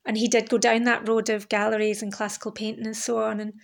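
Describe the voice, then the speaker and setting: Her delivery is flat and fast, with vocal fry in a slightly high voice. Alone on her podcast, this woman host muses candidly and ramblingly, swearing from time to time.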